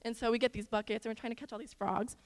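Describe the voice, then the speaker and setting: A young woman from Iowa giving a chatty church lesson in an animated way, with stories and asides to the listeners. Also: fairly high pitch, rapid-fire. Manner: animated, talks straight to the audience with asides. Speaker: church speaker. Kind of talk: chatty sermon with storytelling. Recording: long hall reverb.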